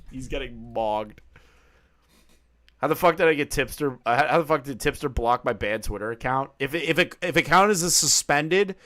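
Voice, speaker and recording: A man commenting casually on a live stream, excitable and mocking, with bursts of shouting. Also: fairly high pitch.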